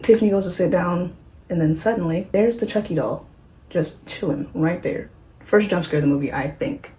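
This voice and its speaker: A woman hosting a casual horror movie recap, sarcastic and offhand, full of quick asides. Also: on the low side, warm tone, rough recording.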